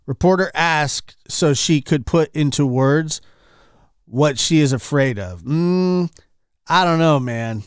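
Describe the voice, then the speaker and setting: A man's voice: a little high, slow, smooth, no room sound. Exasperated man ranting in a dry room. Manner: exasperated, repetitive, swings loud and soft. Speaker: commentary channel host. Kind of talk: casual reaction commentary.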